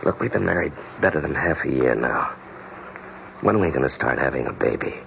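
An actor playing an earnest young husband who wants a baby, in a 1970s radio drama, with a gravelly voice. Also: male voice, a bass voice, expressive, fairly quick, fairly bright tone, heavily acted. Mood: coaxing. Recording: dull old radio broadcast with hiss.

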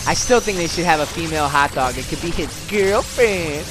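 An excitable dad narrates a video game run while coaching his son. He swings between low asides and loud yelps when things go wrong. Game music sits faintly underneath. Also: fairly quick. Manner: animated, yelps and shouts at setbacks. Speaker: gameplay video host, dad. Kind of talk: excited let's-play commentary.

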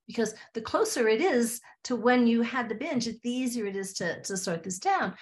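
A woman's voice: fairly high pitch, normal speed. A woman therapist, a podcast guest, telling stories from her practice and acting out the voices of her clients and herself. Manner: animated, acts out client dialogue. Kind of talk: storytelling in a podcast interview.

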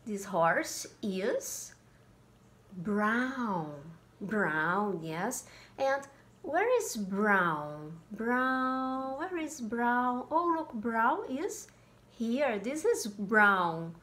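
A woman teaching English to small children, slowly repeating simple words and making animal sounds. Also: fairly high pitch, animated, fairly bright tone. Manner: slow, sing-song, repeats words, makes animal sounds. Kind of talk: slow, simple classroom lesson for small kids.

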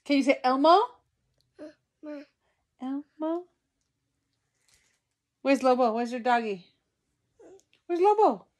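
Young woman, mother, high sing-song baby talk, very slow and drawn out, phone video at home. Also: animated. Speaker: mother filming her toddler.

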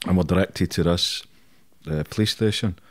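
A man's voice: low voice, moderate pace. A middle-aged Scottish man telling stories in a casual interview, swearing often and laughing through his anecdotes. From Scotland. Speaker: podcast guest.

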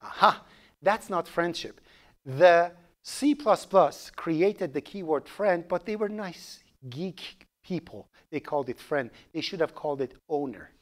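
Animated lecturer joking with his class. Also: on the high side, unhurried. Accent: Persian. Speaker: programming instructor.

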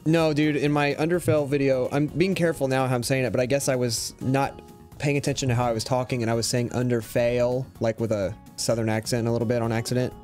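A man's voice: medium pitch, little pitch movement, quick pace, a little mellow, faint music behind. A young man chatting casually while livestreaming a game, telling stories and mimicking chat users. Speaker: streamer.

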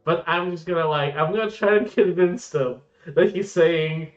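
A man's voice: fairly high pitch, normal speed, highs cut off, soft background music. A man playing a tabletop game, playful and stumbling over repeated words in his eagerness. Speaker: player. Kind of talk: casual play chat.

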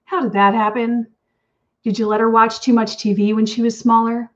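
A woman's voice: on the high side, level tone, normal speed, dull audio. A woman author reading her own story aloud in an intimate, wry second-person voice. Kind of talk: reading fiction aloud at an online event.

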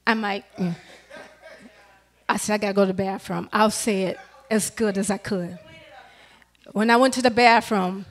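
High-pitched woman elder, preaching a chatty, story-driven sermon in church. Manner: lively, conversational, addresses congregation directly. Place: church sanctuary.

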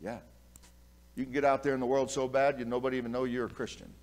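A pastor preaching a sermon, telling folksy stories, laughing at his own tales and swinging from quiet asides to loud, emphatic preaching. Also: mid-range voice, level tone, fast.

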